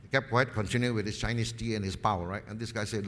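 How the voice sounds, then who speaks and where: A lowish voice, a bit bright, moves fast with fairly even intonation as the man presents on markets and shares anecdotes. Speaking in a seminar hall with long reverb, he stresses ideas by repeating key phrases.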